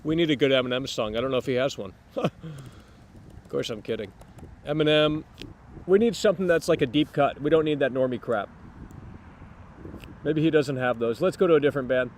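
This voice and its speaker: A man hosting a live stream, rambling to his chat with sudden loud bursts. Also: mid-range voice, fairly quick, long pauses, slight background noise.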